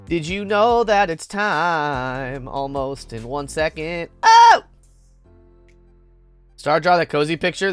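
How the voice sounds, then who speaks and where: A giggly man chats casually on a game livestream, his voice bouncing up and down in a lively way. He talks slowly and playfully. Faint music plays behind him. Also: on the high side. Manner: playful, giggly, greets chatters by name. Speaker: game streamer.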